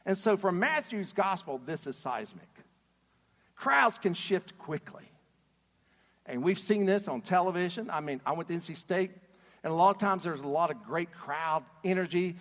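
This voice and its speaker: A man preaching a sermon in an animated, emphatic way, putting questions to his audience. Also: sits high, moderate pace. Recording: reverberant hall.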